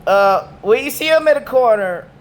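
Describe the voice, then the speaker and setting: Speaking in a very high, expressive voice at a moderate pace, a man whose vocal cords are damaged delivers a rambling, repetitive, slang-filled rant to camera. Slight hiss or hum is audible.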